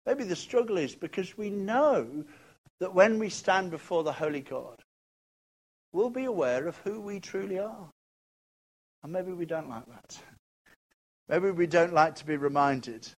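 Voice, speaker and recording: A man preaching a sermon with expressive, emphatic delivery and repeated rhetorical questions. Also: high-pitched.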